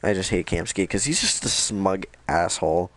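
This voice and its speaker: A young man casually recapping a video game, energetic and rambling, with lots of swearing. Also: sits low, normal speed, no echo. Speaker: gaming video host.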